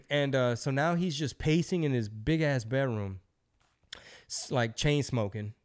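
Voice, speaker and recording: At a measured pace, a middle-aged podcast host works through a lengthy anecdote in a loose, foul-mouthed way, vividly acting out the words of the people involved. His voice sits at an ordinary mid-range male pitch, and the talk is casual storytelling.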